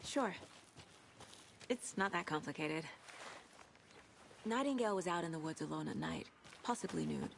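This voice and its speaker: A gravelly, measured FBI profiler. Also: female voice, fairly low pitch, animated, a little hiss or hum. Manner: measured, analytical. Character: composed woman FBI profiler. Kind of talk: video game dialogue.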